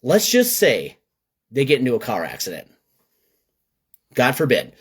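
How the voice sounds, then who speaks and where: A man from Minnesota talks straight to the camera in a casual vlog. His speech is blunt and conversational, with an animated, ranting edge. His voice sits at an ordinary middle pitch for a man. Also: a little slow. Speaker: gutter business owner.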